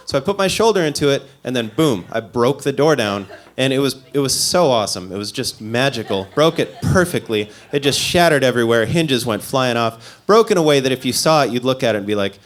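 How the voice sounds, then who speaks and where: A male comedian from the Midwest tells a long story in a loose, conversational way. He makes fun of himself as he goes and drops dry side remarks. His voice sits at an ordinary middle pitch for a man. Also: lively intonation, a little fast. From American Midwest. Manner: loose, self-mocking storytelling with dry asides. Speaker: stand-up comedian. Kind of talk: stand-up comedy.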